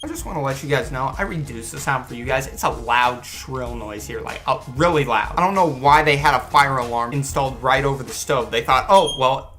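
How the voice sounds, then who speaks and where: A young man telling a school story to his viewers in a chatty, animated way. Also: medium pitch, a little fast, hardly any pauses, faint music behind. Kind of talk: casual storytime vlog.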